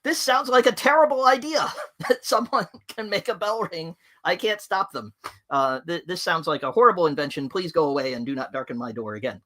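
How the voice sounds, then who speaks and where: A man voicing a reserved English gentleman who haughtily turns down an offer. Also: mid-range voice, fast talker, hardly any pauses, close to an everyday voice. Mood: skeptical. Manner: haughty, indignant refusal.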